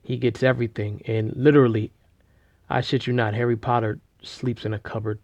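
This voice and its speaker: A man casually retelling a story, rambling with slang, fillers and restarts, and getting loud and animated at the big moments. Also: mid-range voice, brisk, dry recording. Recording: dull lo-fi recording.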